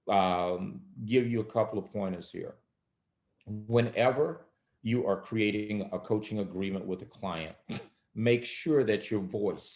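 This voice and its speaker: A man explains coaching methods in a calm, measured way and voices example phrases along the way. His voice sits low. The recording has a roomy echo. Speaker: coaching expert guest. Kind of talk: instructional interview talk.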